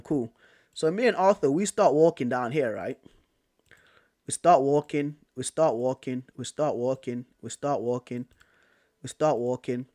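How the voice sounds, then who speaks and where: A young British man from Manchester, a vlogger telling a story in a casual, animated way, repeating himself and using slang. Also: a little high. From Manchester, England. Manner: animated, repetitive, slangy retelling.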